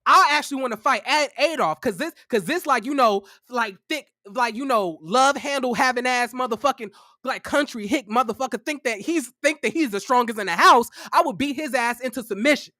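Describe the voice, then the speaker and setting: A man's voice: very high voice, a little fast, sharp tone, no room sound, clean studio sound. A young man in his twenties tells a personal story in a casual, profane, fired-up way. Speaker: vlogger.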